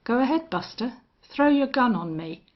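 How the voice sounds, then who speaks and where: A woman reading an audiobook western voices a grim older gunfighter who speaks in a cold, monotonous way. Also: fairly high pitch, normal speed, lo-fi sound, voice pushed up, lightly acted. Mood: menacing. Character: grim, steely older male gunfighter and hunter.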